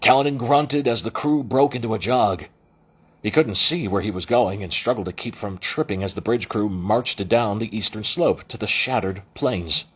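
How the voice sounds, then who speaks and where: A man's voice: on the low side, normal speed, fairly bright tone, husky. A man reading a novel aloud as an amateur audiobook narrator, with frequent restarts and self-corrections. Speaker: audiobook reader.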